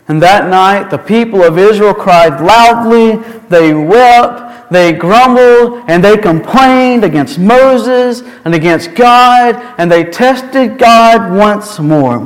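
A man's voice: high-pitched, measured pace. A male preacher delivering a sermon and retelling scripture in an emphatic storytelling manner. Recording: long hall reverb.

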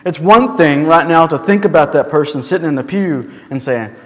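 A man's voice: a little high, moderate pace. A male pastor delivering a sermon in a church, earnest and full of rhetorical questions. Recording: long hall reverb.

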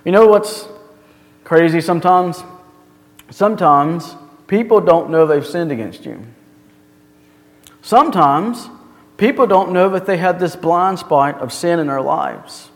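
A man's voice: a little high, lively intonation, measured pace, long pauses. A male pastor delivering a sermon in a church, earnest and full of rhetorical questions. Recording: long hall reverb.

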